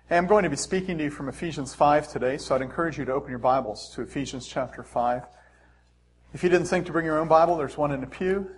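A man's voice: fairly high pitch, a little hiss or hum. A man preaching a sermon as pastor, talking in a joking, conversational way.

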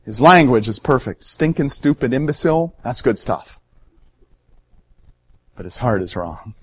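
A male pastor giving an earnest sermon, emphatic at times and dropping soft and low for solemn points. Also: lively intonation, measured pace, breathy edge.

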